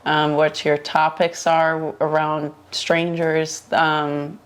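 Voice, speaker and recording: A woman speaking as a guest in a casual interview, relaxed and thoughtful, with frequent ums. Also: low voice, slow, clean tone.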